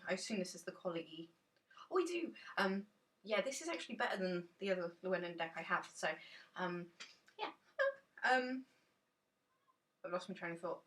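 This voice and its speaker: Woman rambling about tarot, gushy and chatty, bright voice, a bit far off the mic. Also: lowish voice. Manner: enthusiastic, gushing, chatty. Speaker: tarot deck reviewer. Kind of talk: rambling casual chat. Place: dim room indoors.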